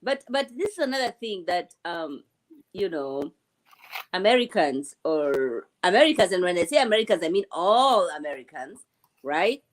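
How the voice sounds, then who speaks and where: A woman's voice: lowish voice, sing-song, moderate pace. A woman from Kenya with a Kenyan accent, chatting casually on a panel and repeating words as she restarts her sentences. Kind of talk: casual chat.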